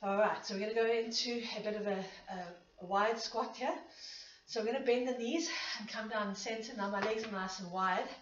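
A woman's voice: mid-range voice, brisk, slight background noise. A woman leading a pilates class, counting reps and a bit out of breath as she exercises along. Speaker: pilates instructor. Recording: echoey room, distant dull mic.

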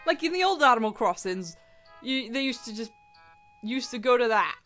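A woman giving casual gameplay commentary, excitable, swearing and laughing as she reads game dialogue aloud. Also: fairly high pitch, moderate pace, faint music behind. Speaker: gaming video creator.

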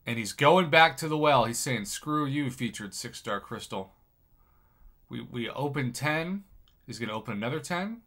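A man commentating on someone else's game crystal openings, excitable and jokey, with sudden loud bursts of surprise. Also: medium pitch, moderate pace. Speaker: gaming commentator.

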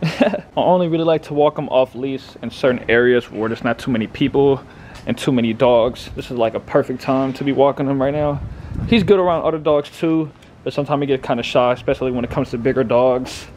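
A man casually vlogging outdoors on a handheld phone, chatty and laughing often, slipping into high coaxing baby talk with his dog. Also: steady tone, a little fast, a little mellow, slight background noise. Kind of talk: casual vlog narration. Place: outdoors in a city park and streets.

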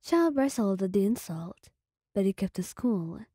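A young woman narrating a romantic listener story in a slow, hushed, intimate ASMR style. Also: mid-range voice, expressive, breathy edge, dry recording, clean studio sound.

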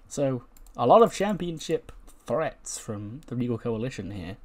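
A man's voice: mid-range voice, sing-song, a little slow, hardly any pauses. A man giving casual commentary over a wrestling sim playthrough, chatty and laughing, acting out the characters' lines. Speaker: gaming YouTuber.

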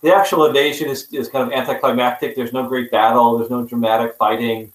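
A man giving a public history talk with slides. He speaks haltingly, with many fillers and restarts, and drops in wry, self-mocking asides. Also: medium pitch, fairly even intonation, reverberant, rough recording. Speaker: history presenter.

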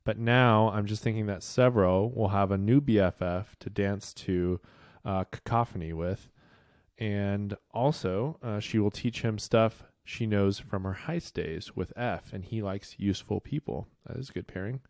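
A man co-hosting a podcast, reading listener messages aloud in a relaxed, amused way. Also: on the low side, moderate pace, no echo, studio quality. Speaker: podcast co-host.

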